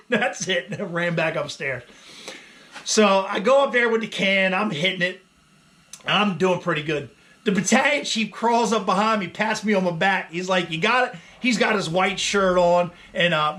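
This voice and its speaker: A man in his forties chats through a casual vlog story, laid-back and quick to laugh. His voice sits high for a man and sounds bright and forward. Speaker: vlogger, firefighter.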